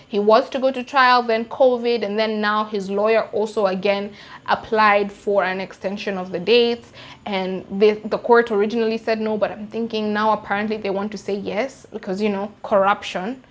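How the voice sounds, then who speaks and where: A young Kenyan woman with a Kenyan English accent recounting a true-crime case in an animated, slangy, emphatic way. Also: medium pitch. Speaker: YouTuber. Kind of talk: true-crime storytime vlog.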